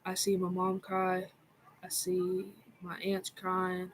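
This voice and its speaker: A woman telling a personal story in a casual vlog, in a soft, halting way with frequent fillers. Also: on the low side, completely flat delivery, a little hiss or hum, low-quality recording. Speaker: vlogger.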